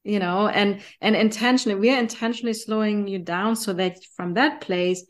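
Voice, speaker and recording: A woman's voice: mid-range voice, steady tone, a little fast. A woman with a German accent, hosting a podcast in casual, enthusiastic chat with frequent fillers. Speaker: podcast host.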